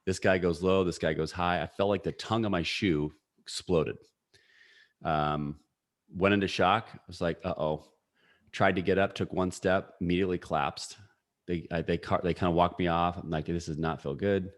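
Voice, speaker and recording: A man in his forties telling a personal story as a podcast guest, energetic and full of fillers. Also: low voice, moderate pace. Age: 40s. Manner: energetic, story-driven talk with frequent fillers. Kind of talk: casual storytelling.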